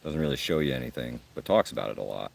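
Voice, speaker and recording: A man hosting a casual outdoor livestream at a campsite, reading out viewer comments with a gruff, blunt, joking manner. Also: rumbling low, expressive, fast. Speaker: livestream host.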